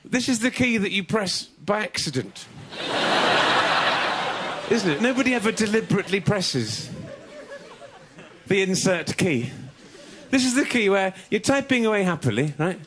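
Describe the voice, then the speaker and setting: A man doing a stand-up comedy set on a TV show, telling observational jokes in an animated way. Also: high voice, normal speed, pauses often, a crowd in the background. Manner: animated, mock French and mock-suave voices. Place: TV comedy studio stage. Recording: TV studio with loud audience laughter.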